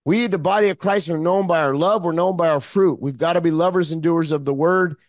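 High-voiced fervent male preacher. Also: fairly quick, no echo. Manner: fervent preaching, repeating phrases. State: emotional. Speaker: pastor. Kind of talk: sermon.

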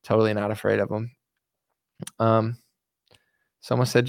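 A man's voice: lowish voice, level tone, unhurried, creaky, no room sound, studio quality. A man hosting a casual livestream, reading out chat and making sarcastic, joking asides.

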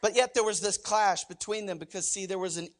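A man delivers a sermon in a loose, conversational way. He keeps asking the congregation rhetorical questions, sinks into low, quiet asides and then bursts out loudly. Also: a little fast, slight background noise. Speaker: pastor.

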